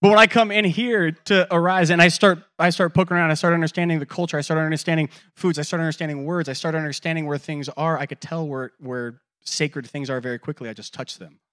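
A man in his thirties preaching a sermon as pastor, telling stories and acting out quoted voices, swinging between loud and quiet. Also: a little high, steady tone, quick pace, hardly any pauses.

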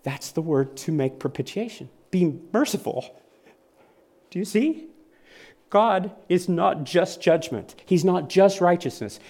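Slow, earnest higher-voiced male preacher. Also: a little mellow. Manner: earnest, vivid preaching with repeated phrases. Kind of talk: sermon.

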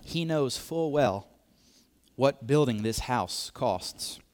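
A man's voice: medium pitch, lively intonation, slow, darkish tone. A man preaching a sermon, repeating key phrases, swelling to emphatic peaks and dropping to near whispers. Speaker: pastor.

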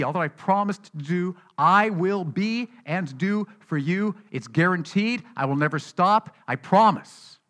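A man's voice: sits high, a bit bright. A man preaching a sermon as pastor, earnest and building to emphatic exhortation.

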